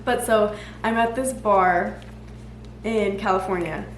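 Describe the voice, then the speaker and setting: A woman telling stories in a casual chat, animated and laughing often as she talks. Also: mid-range voice, takes it slowly. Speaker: guest. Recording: echoey room with faint background noise.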